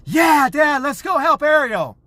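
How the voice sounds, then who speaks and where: A dad doing his little girl's voice, sweet and caring, soft and eager. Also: very high voice, big pitch swings, a little slow, dry recording, pitched above the performer's own voice, full character voice. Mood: excited. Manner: eager, then gentle and concerned. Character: excited young daughter, sweet and caring.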